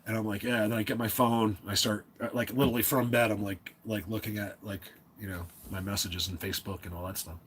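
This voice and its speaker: A man's voice: lowish voice, fairly even intonation, fast talker, few pauses, a bit bright, slight background noise. A man from New Jersey hosting a casual livestream, rambling along with lots of fillers and restarts. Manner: rambling, filler-heavy, self-interrupting. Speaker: livestream host.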